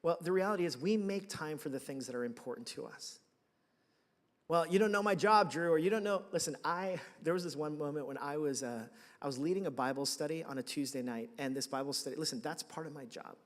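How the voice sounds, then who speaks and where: Animated male pastor in a reverberant hall. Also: fairly high pitch, fast, hardly any pauses. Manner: animated, conversational, acts out his own reactions. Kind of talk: sermon with personal storytelling. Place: church sanctuary.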